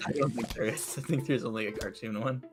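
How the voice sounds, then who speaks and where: A man's voice: mid-range voice, fast, faint music behind. A man guesting on a stream, chatting easily, laughing often and tripping over his words. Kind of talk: casual chat on a game stream.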